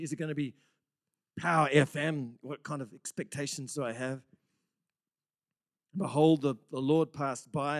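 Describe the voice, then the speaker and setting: Male pastor, passionate sermon delivery, dips into whispers for effect. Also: on the high side. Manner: dramatic swings from loud exclamations to hushed whispers; earnest, excitable preaching with frequent repeated words.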